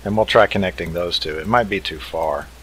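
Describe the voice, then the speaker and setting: A man with a low, deep voice talks casually through a game session, thinking aloud as he works. His delivery is relaxed and easygoing. A faint hiss of noise sits under the recording. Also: fairly quick, poor audio. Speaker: let's play host.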